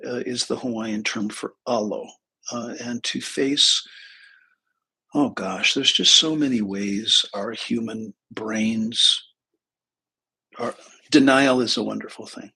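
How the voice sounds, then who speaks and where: A middle-aged man with a gravelly, rough, husky voice talks casually to his viewers. He rambles and pokes fun at himself, trailing off into fillers and starting sentences over. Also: medium pitch, sharp tone, low-quality recording. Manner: rambling, self-deprecating, many fillers and restarts. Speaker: therapist and spiritual teacher. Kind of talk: casual livestream talk.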